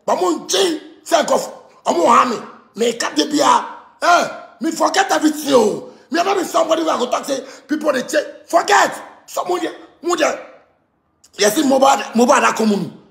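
Furious shouting Ghanaian man, raspy and high. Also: animated, normal speed, reverberant. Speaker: musician. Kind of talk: angry rant.

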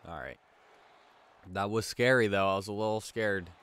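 Low-voiced young man commentating a game. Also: normal speed, fairly bright tone, clear, resonant tone. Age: young adult. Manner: chatty, reacts aloud to the game, drowsy. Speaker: gaming channel host. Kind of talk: casual gameplay commentary.

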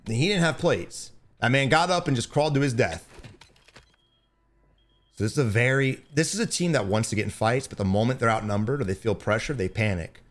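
A young man giving blunt, profane gameplay commentary as a streamer, breaking into loud excited bursts. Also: mid-range voice, a little fast. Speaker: gaming streamer.

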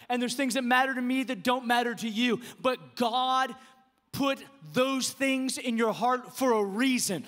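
Male pastor, very high bright voice, fervent sermon, hushed to shouting, long hall reverb. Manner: impassioned preaching, swinging between hushed and shouted; repeats words in quick bursts.

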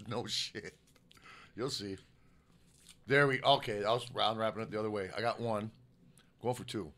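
A man's voice: on the low side, steady tone, unhurried, pauses often, a bit bright. A middle-aged man from Michigan co-hosting a podcast, telling stories in a rambling, profane way. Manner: profane, rambling storytelling with lots of "like". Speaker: podcast co-host. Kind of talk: casual chat.

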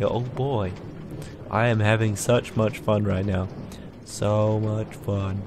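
Young man, drowsy gameplay chatter, unhurried, fry in the voice, faint background noise. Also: fairly low pitch. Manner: relaxed rambling commentary, just woken up. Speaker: gaming YouTuber. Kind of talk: casual Minecraft let's play.

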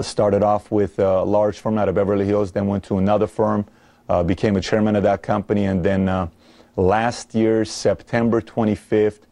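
A man interviewed as a guest on a radio show, telling his story in a brisk, animated way into a studio microphone. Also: fairly low pitch, no echo. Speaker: guest, business founder.

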